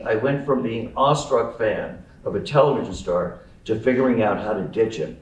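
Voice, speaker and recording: A man with a low voice reads his own memoir at a live event, with wry, amused timing. The echoey room and the distant mic give his voice an open, roomy sound. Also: moderate pace, few pauses, heavy background noise. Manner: wry, amused, lively storytelling. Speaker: author reading his memoir. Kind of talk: memoir reading.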